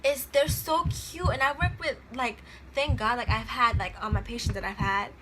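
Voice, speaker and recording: Bright chatty young woman vlogger. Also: on the high side, moderate pace, slight background noise. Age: 20s. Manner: chatty, rambling, laughs often, slangy. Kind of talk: casual chat to camera.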